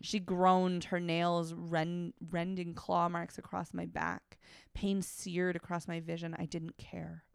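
A woman's voice: lowish voice, completely flat delivery, takes it slowly, creaky, clear, resonant tone, no echo, studio quality. A woman podcast co-host reading fiction aloud and breaking off now and then for frank, wry asides.

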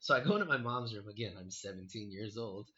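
A young man telling a story in casual chat, animated and profane, full of "like" and "dude". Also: on the low side, fast, highs cut off. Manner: animated, swearing, heavy on 'like' and 'dude'.

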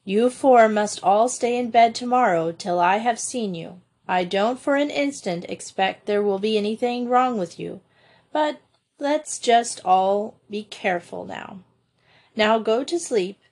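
A woman reading aloud, voicing a kindly but firm male doctor who gives brisk orders. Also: mid-range voice, a little mellow. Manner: brisk, commanding.

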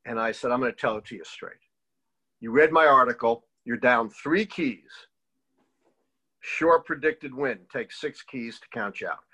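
Measured and medium-pitched with a breathy edge, this older political historian recounts stories during an interview. He lively impersonates the people he cites, though the audio is rough.

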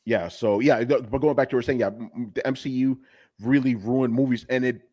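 Husky, emphatic man chatting casually. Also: mid-range voice, brisk, no room sound. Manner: animated, emphatic, swears freely. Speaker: guest. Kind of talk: casual podcast chat.

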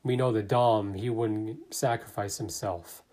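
A man's voice: lowish voice, steady tone, a little slow, mellow. A man casually narrating and commenting on his own fan theory, thinking aloud with fillers. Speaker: fan theory video maker.

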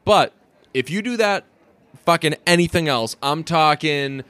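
A man's voice: on the high side, expressive, measured pace, a bit bright, clean tone, no echo. A young man from the Boston area with a faint Boston accent, ranting in casual sports talk as podcast co-host, swearing freely. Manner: profane, ranting, emphatic.

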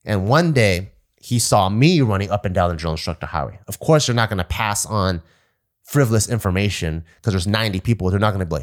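A young man with a fairly low voice tells a long, crude story in loose, casual talk. He swears constantly and slips into the voices of the people he quotes. His delivery is animated and unpolished. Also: a little fast. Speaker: podcast guest.

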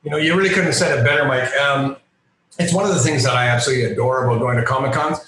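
A man, a comic book artist and guest, telling a lively, self-mocking story in a casual interview. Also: medium pitch, very fast, heavy reverb, slight background noise, rough recording. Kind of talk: animated anecdotal storytelling.

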